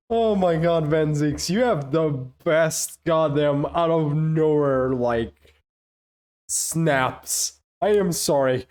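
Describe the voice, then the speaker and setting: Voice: medium pitch, slow pace, darkish tone. A streamer giving live playthrough commentary, swearing often and laughing through the talk.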